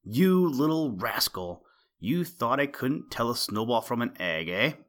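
A man doing a gruff, hungry old owl. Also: medium pitch, very animated, a little slow, a bit bright. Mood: menacing. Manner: gruff muttering threats. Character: grumpy hungry old male owl, menacing.

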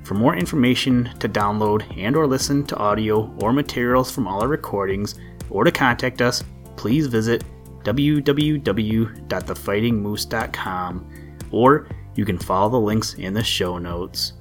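A man hosting a podcast, reading a children's story aloud in a gentle, measured storytelling manner. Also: lowish voice, soft background music. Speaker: podcast host and story reader. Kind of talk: storybook read-aloud narration.

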